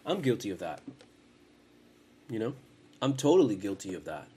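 A man's voice: fairly low pitch, big pitch swings, normal speed, mellow, slightly rough. Rambling, cursing man talking casually at home. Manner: profane, rambling, frequent restarts. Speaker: podcast host.

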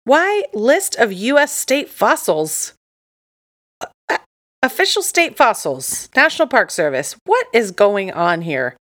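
Animated giggly woman chatting. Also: a little high, slow pace. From Texas. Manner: giggly, animated, playful teasing. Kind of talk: casual chat.

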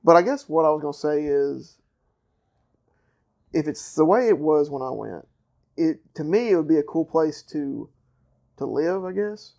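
A man's voice: a little high, expressive, moderate pace, creaky, long pauses, darkish tone. A man from the American South with a Southern accent, an easygoing co-host who rambles and laughs often in casual chat.

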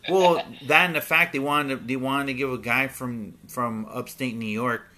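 A man hosting a casual chat about wrestling, talking in halting bursts with many pauses and restarts. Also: medium pitch, fairly even intonation, pushed and bright. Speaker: podcast host.

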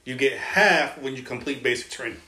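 A man's voice: mid-range voice, brisk. A man, an army veteran, telling stories in casual chat and acting out what others said to him. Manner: lively storyteller, quotes others in his tales. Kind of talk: casual storytelling. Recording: roomy echoing room.

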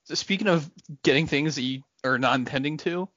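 A man's voice: fairly high pitch, fairly quick, a bit bright, no room sound. Podcast co-host, man, dry matter-of-fact delivery; dry, muffled sound. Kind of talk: casual chat. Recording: dull lo-fi, dry.

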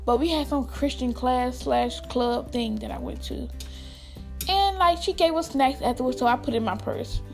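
A young American woman tells a school story straight to her viewers in a casual, rambling way. Her voice sits high and she keeps restarting her sentences. Faint music plays underneath. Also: moderate pace, creaky. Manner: rambling, animated, many fillers and restarts. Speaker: vlogger.

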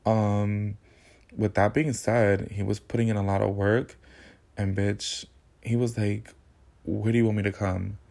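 A man hosts a podcast in a casual storytelling monologue, candid and full of sassy slang. His voice sits fairly low with a gravelly, fry-laden edge. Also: flat delivery, measured pace, darkish tone. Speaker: podcast host.

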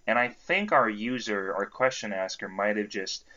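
A young man with a lowish, bright and forceful voice co-hosts a comedy podcast. He trades playful, deadpan jokes in casual chat. His mic sounds dull and lo-fi. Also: moderate pace. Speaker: podcast co-host.

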